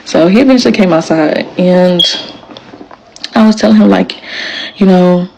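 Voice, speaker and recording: Gravelly-voiced woman telling her story. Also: medium pitch, a little fast, mellow, a little hiss or hum, rough recording. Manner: emphatic, acts out quoted lines. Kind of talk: casual storytelling to camera.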